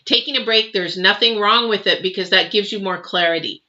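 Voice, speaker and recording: A woman's voice: mid-range voice, a little fast, sharp tone. A woman giving a live tarot reading and answering viewers, emotive and chatty with many fillers and restarts. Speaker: tarot reader. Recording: dull lo-fi sound.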